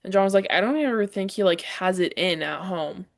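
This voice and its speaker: A young woman co-hosting a podcast, chatting casually and rambling quickly through her stories. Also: mid-range voice, creaky. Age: young adult. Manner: fast, rambling storytelling. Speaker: podcast co-host. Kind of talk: casual chat.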